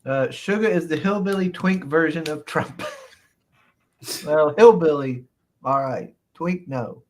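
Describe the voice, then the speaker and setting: A man hosts a casual live chat show, reading out viewer comments with playful mock indignation and laughing often. His voice sits a little high, and he speaks a little slowly.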